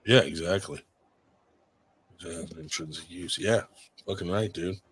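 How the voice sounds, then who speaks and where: Low-ish voiced dude swearing a lot, rambly podcast host talk. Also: male voice, moderate pace, breathy edge. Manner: profane, rambling and animated. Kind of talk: casual podcast chat.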